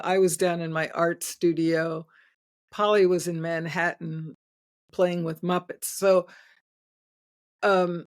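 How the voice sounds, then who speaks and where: Older woman telling stories, low voice. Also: darkish tone. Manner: chatty, laughs often, many restarts. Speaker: guest, inventor. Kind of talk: storytelling in casual interview.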